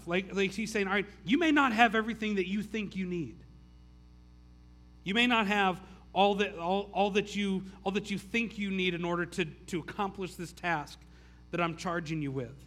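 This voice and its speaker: Pastor, male, high and bright tone, casual sermon with stumbling restarts. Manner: casual, stammering restarts, frequent "like". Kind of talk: conversational sermon.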